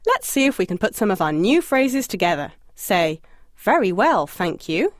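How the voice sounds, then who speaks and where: A woman narrating a scripted audio language lesson, encouraging and lightly humorous, asking the listener to answer out loud. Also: mid-range voice, sing-song, moderate pace, dry recording, studio quality. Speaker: language course instructor.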